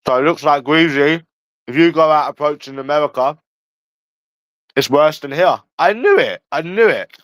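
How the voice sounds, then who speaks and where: A man's voice: fairly high pitch, animated, moderate pace, a bit bright, no room sound, rough recording. A man ranting casually on a livestream, blunt and profane, talking straight to a viewer in chat. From England. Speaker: livestream host.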